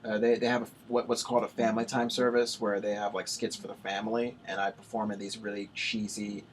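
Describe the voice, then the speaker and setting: A man's voice: on the low side, flat delivery, slight background noise. A young man hosting a casual late-night college radio chat, rambling and restarting his sentences often. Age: young adult. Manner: rambling, halting, many restarts.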